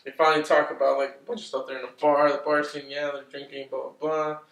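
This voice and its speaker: A man's voice: fairly high pitch, little pitch movement, fast talker, a bit bright. Profane rambling man recapping a film. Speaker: movie reviewer. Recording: roomy, distant from the mic.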